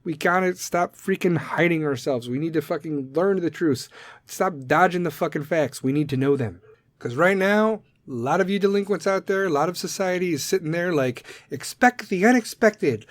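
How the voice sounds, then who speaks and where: A foul-mouthed man ranting straight at his listeners, blunt and combative, with a fairly high voice. His volume swings from loud to soft, and the recording is dry and close, with no room sound. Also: moderate pace, no echo. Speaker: podcast segment host. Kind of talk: profane rant to listeners.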